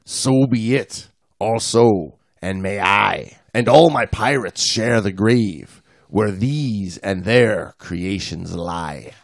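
Slow, gravelly man reciting verse. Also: on the low side, no echo, clean studio sound. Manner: reads verse slowly and theatrically, chats with fillers. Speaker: podcast co-host. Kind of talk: casual chat and recited verse.

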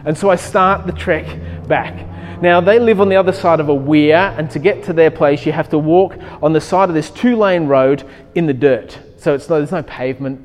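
A man preaches a sermon, slipping into a personal story that he tells with lively energy and acts out in voiced asides. His voice sits a little high for a man, and it rings with the long reverb of a large hall. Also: a little hiss or hum. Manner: animated storytelling, acting out his own thoughts. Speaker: pastor.

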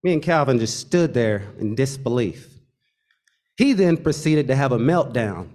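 A man telling a true personal story, expressive and wry, building suspense with pauses. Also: mid-range voice.

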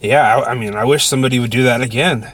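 A man's voice: medium pitch, fast, a bit bright, a little hiss or hum. A man co-hosting a casual podcast from inside a car, talking in a rambling, sardonic way with lots of fillers. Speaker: podcast co-host. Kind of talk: casual chat.

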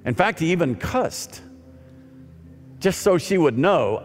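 A male pastor preaching a sermon, swinging from loud emphatic lines to soft, near-whispered ones. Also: fairly high pitch, sing-song, slow pace. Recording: long hall reverb with faint music.

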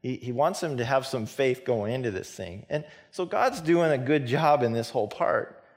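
A man delivers a loose, chatty sermon in an average-pitched voice. He tells the story as if talking to friends, laughing lightly and putting on the voices of the people in it. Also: normal speed. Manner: animated storytelling, acts out dialogue with laughs. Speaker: pastor. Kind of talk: casual sermon.

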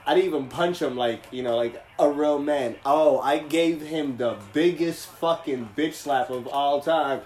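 A young man in casual podcast chat, telling animated stories with heavy slang and swearing. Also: a little high, unhurried, hardly any pauses, reverberant.

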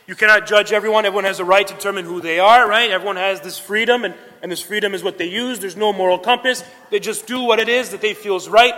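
A man's voice: sits high, bright, forceful tone. A man preaching a sermon in an earnest way, repeating his points and checking in with his listeners. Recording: long hall reverb.

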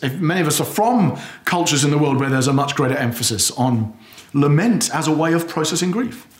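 A man preaching a sermon, earnest and conversational, acting out anguished prayers loudly. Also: on the high side. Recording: echoey hall.

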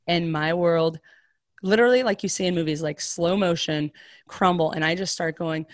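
A woman's voice: fairly low pitch, normal speed, dry recording, clean studio sound. A young adult woman telling a personal story in conversation, chatty and full of "like" fillers, acting out the voices of the people she quotes. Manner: casual, heavy on "like" fillers, animated quoted voices.

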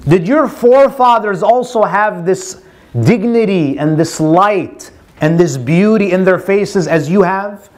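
A man with a notably high voice narrates a religious story as a lecture. He quotes Arabic lines and then explains them in translation, keeping a steady storytelling flow. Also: measured pace. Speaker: religious speaker.

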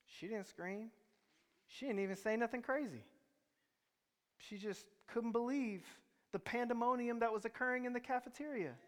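In a reverberant hall, a man with a very high voice preaches a sermon at a moderate pace, telling stories conversationally and quizzing the congregation.

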